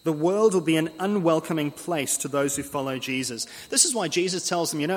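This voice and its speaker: A man preaching an earnest expository sermon, slowing down to read scripture aloud. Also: a little high, lively intonation. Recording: long hall reverb.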